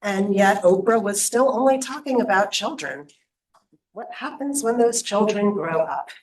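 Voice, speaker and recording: A woman's voice: mid-range voice, animated, unhurried. Earnest woman giving a rallying speech. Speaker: nonprofit program leader giving opening remarks. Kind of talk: prepared conference speech. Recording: echoey room, voice from a distance.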